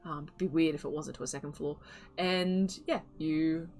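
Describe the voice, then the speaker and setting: A woman's voice: deep voice, steady tone, moderate pace, a little mellow, faint music behind. A woman narrating as game master of a tabletop game, describing scenes loosely with many fillers and asides.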